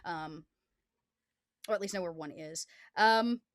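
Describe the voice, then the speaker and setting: A woman's voice: lowish voice, slow pace, no echo, clean studio sound. A woman narrating as game master in a tabletop game, in a loose, filler-heavy style.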